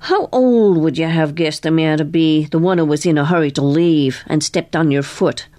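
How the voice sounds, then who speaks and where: A woman voicing a polite, inquisitive woman detective who asks gentle, probing questions. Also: sits low, normal speed, natural voice. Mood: inquiring.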